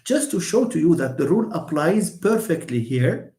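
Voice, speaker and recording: A man, teaching English linguistics in a live online lesson and answering questions, moving between quick asides and slow, careful explanation. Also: on the high side. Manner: lively, switches between fast asides and slow syllable-by-syllable explanation. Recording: roomy echo.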